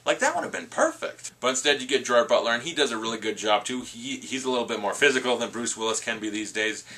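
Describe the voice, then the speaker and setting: Chatty bright-voiced male movie reviewer. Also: mid-range voice, big pitch swings. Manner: chatty, rambling with asides and quick impressions.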